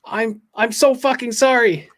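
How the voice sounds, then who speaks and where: A man voicing a terrified teenage boy who curses and yells in strained bursts. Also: extremely high pitch, unhurried, voice pushed up. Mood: guilty.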